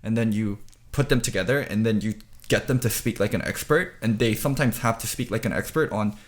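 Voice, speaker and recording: A man's voice: lowish voice, brisk. A man hosting a casual esports podcast, talking reflectively and filling his talk with "like". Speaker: podcast host, content creator.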